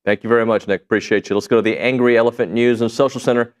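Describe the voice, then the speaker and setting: A man's voice: mid-range voice, steady tone, racing. A man hosting a sports talk radio show in a studio, upbeat and reading sponsor plugs.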